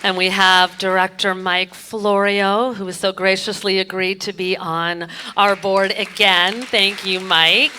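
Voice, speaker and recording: A woman's voice: medium pitch, steady tone, unhurried, few pauses, pushed and bright, slight background noise. A woman serving as board president, graciously introducing the new board one by one on a handheld microphone. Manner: gracious, names people one by one.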